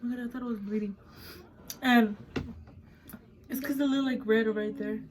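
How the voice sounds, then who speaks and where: Young woman vlogger, 19, somewhat high voice; blunt, profane storyteller mixing English and Spanish. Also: fairly even intonation, normal speed, low-quality recording. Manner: blunt, swears a lot, switches between English and Spanish. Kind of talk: casual storytime chat.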